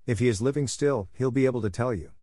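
A man's voice: medium pitch, fast, mellow, dry recording, studio quality, voice pushed up, lightly acted. A man doing a grumpy old walrus, Sea Vitch. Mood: grudging. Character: big grumpy old male walrus, rude and blustering.

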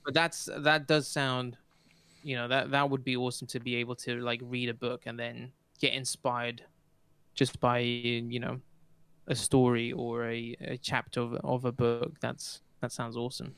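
A man in his thirties with a smooth, resonant voice, chatting casually as a podcast co-host. He talks hesitantly, stopping and restarting his sentences. The sound is dry and close. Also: medium pitch, level tone, normal speed, fairly bright tone, no echo. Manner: hesitant, many restarts and fillers. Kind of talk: casual chat.

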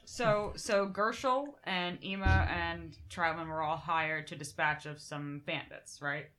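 A woman's voice: sits low, steady tone, measured pace, fairly bright tone. A woman playing a tabletop game, checking details casually. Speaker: player. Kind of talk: casual play.

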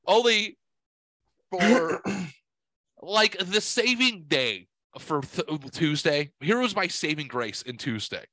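A man hosting a podcast, telling a story in a casual, profane, animated way and acting out what others said. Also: on the high side, takes it slowly, no room sound. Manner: profane, animated, quotes people in voices. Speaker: podcast host.

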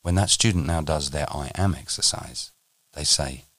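Low husky man teaching calmly. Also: moderate pace, dry recording. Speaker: meditation teacher. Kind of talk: podcast teaching with an anecdote.

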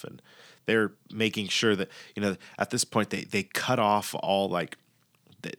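A man's voice: sits low, fairly bright tone. A man giving a loose, profane recap of a TV series, acting out the characters' lines as he goes. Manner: loose, profane storytelling with acted-out quotes.

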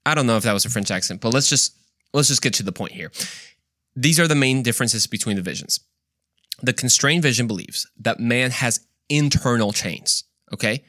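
A man's voice: medium pitch, pushed and bright, no echo, clean studio sound. A man hosting a Christian podcast, talking emphatically in a monologue, firing off rhetorical questions and often repeating himself. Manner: repeats words and restarts often. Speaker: podcast host.

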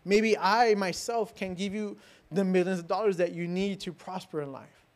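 High-voiced man preaching with emphasis. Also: normal speed. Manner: emphatic preaching with rhetorical questions and repetition; swings between loud declarations and soft, hushed lines. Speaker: pastor. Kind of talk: sermon.

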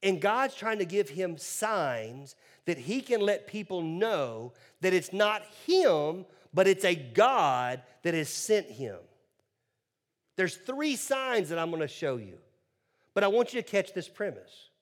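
A man's voice: high-pitched, very animated, slow. A male pastor preaching a sermon in a humorous, conversational way with joking asides.

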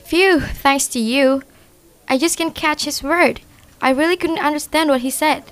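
A woman's voice: sits high, unhurried. A woman with an Indonesian accent playing an eager, slightly anxious young office worker learning phone manners. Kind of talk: scripted educational role-play.

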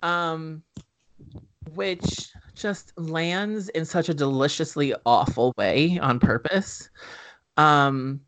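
A man's voice: fairly high pitch, takes it slowly, fairly bright tone. A man co-hosting a podcast who recaps a film in casual chat, joking and swearing, with lots of fillers. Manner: profane, joking, filler-heavy storytelling.

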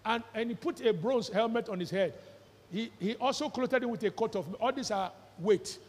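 A male pastor preaching a sermon with fervour, shouting out scripture and quizzing his listeners. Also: sits high, normal speed, long reverb tail. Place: church hall.

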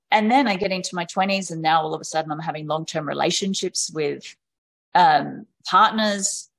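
A woman speaking as a podcast guest in candid, conversational storytelling, frank and casual, often acting out quoted voices of parents and children. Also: deep voice.

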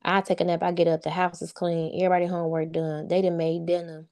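Earnest woman with a low, mellow voice. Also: flat delivery, quick pace. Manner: earnest, heartfelt and informal, with frequent "you know what I'm saying". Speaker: interview guest, single mother of sons. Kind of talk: casual heartfelt interview chat.

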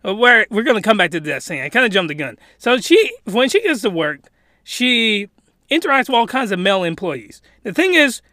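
A man excitedly recapping a story in casual chat, laughing and rambling with many restarts. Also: sits high, brisk, no echo, studio quality. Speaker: video commentator.

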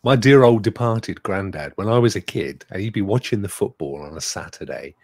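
A man's voice: lowish voice, lively intonation, fairly quick, no echo, clean studio sound. A man from England with a West Country accent, hosting a casual live-stream chat and greeting viewers in a playful, chatty way. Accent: West Country English. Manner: chatty, playful, does funny voices. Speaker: host.

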